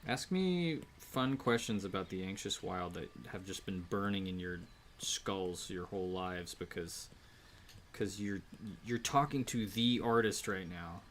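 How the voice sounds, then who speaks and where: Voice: low-pitched, unhurried, a little hiss or hum. A streamer chatting casually while drawing, playful and rambling, often breaking into song. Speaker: streamer and artist. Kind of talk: casual live-stream chat with singing. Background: rain and piano ambience.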